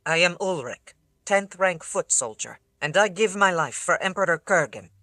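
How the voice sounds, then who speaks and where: An audiobook reader voicing a young ancient soldier, newly woken and miserable, speaking in a hushed, pleading way. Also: medium pitch, lively intonation, normal speed, no room sound, clean studio sound. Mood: stiff, proud. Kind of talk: audiobook character voice.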